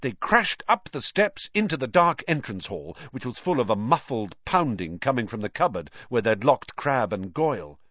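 Animated male storybook narrator. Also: medium pitch, normal speed, hardly any pauses, no echo. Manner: expressive, animated reading. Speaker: audiobook narrator. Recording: dull lo-fi dry audio.

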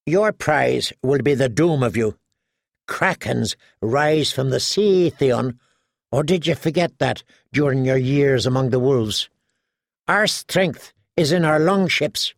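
A man voicing a calm, scornful woman warrior, an older sister, cutting and mocking. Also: a little high, creaky, no echo, clean studio sound.

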